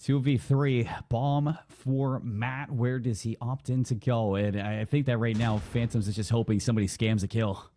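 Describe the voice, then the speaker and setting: A man calling live esports play-by-play with quick calls of the action. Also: medium pitch, fairly even intonation, mellow, slight background noise. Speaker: esports caster.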